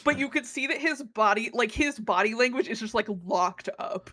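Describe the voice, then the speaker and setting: A woman animatedly describes a character's reactions in a casual tabletop game. Her voice is high and bright, with an edge of force. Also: normal speed. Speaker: player.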